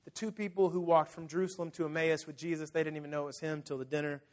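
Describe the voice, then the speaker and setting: Rapid-fire and slightly high-pitched, a male pastor preaches with animated storytelling. He dramatizes the scenes and turns directly to his congregation as he speaks.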